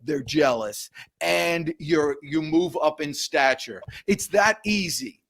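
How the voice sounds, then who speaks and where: Guy with a high voice hosting a live video call show, rambly and jokey, keeps tripping over his words. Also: slow, gravelly, a bit bright. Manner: rambling, joking, stumbles and laughs. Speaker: livestream show host. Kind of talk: casual live show banter.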